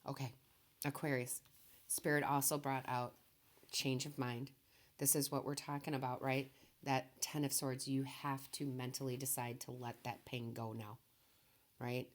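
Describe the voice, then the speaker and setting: A tearful woman reads tarot in a very deep, low voice. She speaks softly and gently, reassuring her listeners and checking in with them often. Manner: soft-spoken, emotional, reassuring, says okay often. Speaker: tarot reader. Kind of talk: emotional tarot reading.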